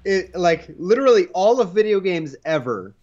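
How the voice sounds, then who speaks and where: A man's voice: sits high, very animated, moderate pace, highs cut off, a crowd in the background. A man co-hosting a retro game show, bantering casually and wryly with jokes while his partner plays. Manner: wry, joking interjections.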